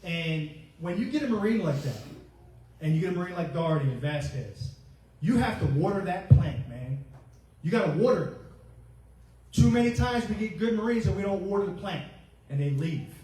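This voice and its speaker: A retiring Marine master gunnery sergeant in his forties delivers a funny ceremony speech in a hotel ballroom, captured at a distance with heavy echo. His voice is high yet dark in tone, with lively intonation at a normal pace, as he acts out his own past remarks.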